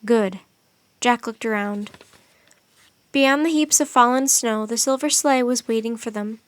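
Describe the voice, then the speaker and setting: A woman with a fairly high voice reads a children's adventure story aloud. Her storytelling is expressive and steady. The recording is close and dry, as in a studio. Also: moderate pace, no echo. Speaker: narrator. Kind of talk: audiobook narration.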